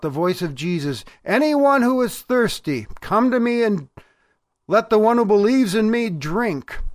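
A male pastor delivers a sermon in an earnest, emphatic way. His voice sits a little high for a man. The sound is dry and close, with no room echo.

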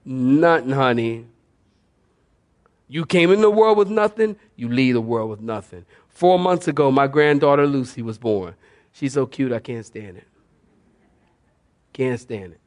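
An older man preaching a sermon as pastor, animated and folksy, calling out to the congregation and asking them to follow along. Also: medium pitch, a little slow, pauses often. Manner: animated preaching with audience call-outs; folksy, conversational.

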